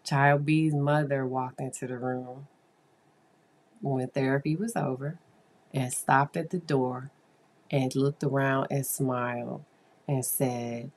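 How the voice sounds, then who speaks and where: A woman with an unusually deep, low-pitched voice tells a story in a relaxed monologue. She talks in an animated, confiding way and often turns aside to her listeners. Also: measured pace, a little hiss or hum. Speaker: therapist.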